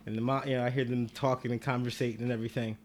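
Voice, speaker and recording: A man's voice: medium pitch, very fast, a little hiss or hum. A man telling a story in a casual podcast chat, acting out the people in it and laughing often. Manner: animated, acts out the people in his stories, laughs often.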